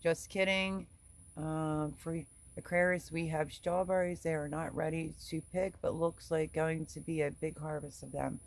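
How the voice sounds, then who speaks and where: A woman's voice: low-pitched, level tone, normal speed. A middle-aged woman hosting a casual livestream, chatty and giggly, reading viewer names aloud. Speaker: livestream host reading chat. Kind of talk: casual live chat.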